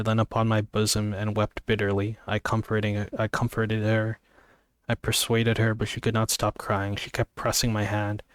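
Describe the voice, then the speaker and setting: A man reads a novel aloud in a casual amateur way, tripping over words and correcting himself. His voice is low and flat with little rise and fall. The recording is dry and close. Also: clean tone, no echo. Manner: stumbles and restarts, adds asides. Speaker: amateur reader. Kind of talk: casual book reading.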